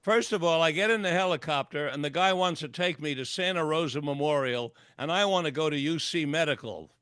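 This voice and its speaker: An older man tells a long personal story as a radio guest, throwing himself into each quoted line. His voice sits a little high for a man. The sound is dry and close, with no room around it. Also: a little fast, fairly bright tone, smooth, no room sound. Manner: vivid storyteller acting out dialogue. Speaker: guest, clinical psychologist and author. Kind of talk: storytelling interview. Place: radio interview.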